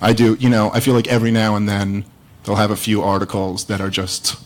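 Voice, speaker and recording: A man's voice: on the low side, little pitch movement, brisk, low-quality recording. A man doing a stand-up comedy set, rambling and self-mocking as he tells a story to a live audience. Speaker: stand-up comedian opening a debate. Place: live venue with audience laughter.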